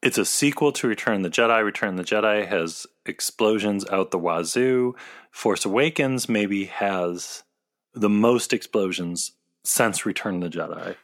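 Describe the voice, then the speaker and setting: A man's voice: on the low side, normal speed. Easygoing man co-hosting a chat. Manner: playful, moves the show along. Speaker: podcast co-host. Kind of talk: casual chat.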